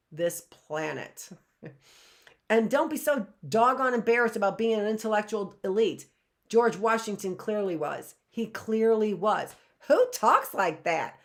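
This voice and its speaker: Enthusiastic woman teaching a live lesson. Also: fairly low pitch. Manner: enthusiastic, emphatic, playful asides; reads excerpts aloud, then explains them. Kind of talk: live online lesson for all ages.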